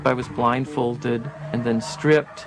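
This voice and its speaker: Gravelly man telling his story. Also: medium pitch, fairly even intonation, slow, over music. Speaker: former participant interviewed. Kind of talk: interview recollection.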